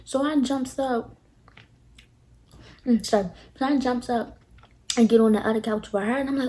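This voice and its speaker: A young woman vlogger telling a storytime tale to her viewers, animated and dramatic, talking straight to them. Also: fairly high pitch, moderate pace, pauses often, slight background noise. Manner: animated, dramatic retelling, addresses viewers directly. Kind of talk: casual storytime.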